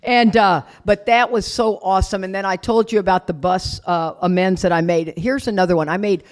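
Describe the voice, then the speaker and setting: A woman's voice: medium pitch, steady tone, brisk. A middle-aged woman speaking at a recovery retreat, telling her story candidly with self-deprecating humor. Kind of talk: personal recovery talk.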